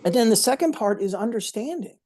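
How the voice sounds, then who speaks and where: A man's voice: sits high, lively intonation, brisk, a little mellow. A man as a motivational speaker, telling stories in an interview in an earnest, emphatic way, often repeating words for effect. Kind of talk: storytelling in an interview.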